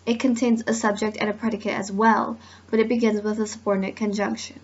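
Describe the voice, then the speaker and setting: A woman's voice: medium pitch, fast talker. A woman student reading a class presentation on grammar and giving spoken examples. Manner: steady, reads examples aloud. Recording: dull lo-fi recording.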